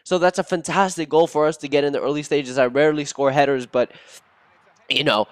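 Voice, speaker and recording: A young man hosting a gaming channel, giving casual, excitable gameplay commentary with cursing and sudden bursts of outrage. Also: on the high side, brisk, no room sound.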